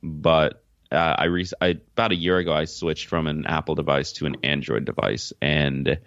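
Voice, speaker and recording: A young man with a very deep, low voice talks through interview questions in an easy, relaxed way, dropping plenty of "uh"s and laughing easily. He grew up in Jamaica. His audio sounds dull and dry, like a lo-fi remote call. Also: normal speed, vocal fry, no room sound. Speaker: podcast host and author, guest. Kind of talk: casual interview answers.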